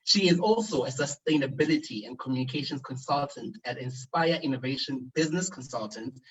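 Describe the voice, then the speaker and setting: Upbeat guy mc-ing a virtual conference, husky, sounds far from the mic. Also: mid-range voice, highs cut off. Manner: upbeat, playful with laughs. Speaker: virtual event MC. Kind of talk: conference hosting. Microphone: online call.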